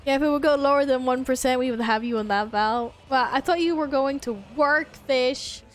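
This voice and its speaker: A woman's voice: high voice, moderate pace. A woman streamer in casual chat, swearing, laughing and reading chat messages aloud.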